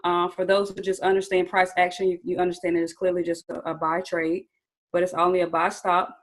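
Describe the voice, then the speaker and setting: This young adult trading instructor speaks in a lowish, monotone voice at a brisk clip, and the audio is poor. Leading a live online session, she chats casually, addresses her audience as "you guys" and "y'all," and keeps checking in with "okay?" while asking for replies in the chat.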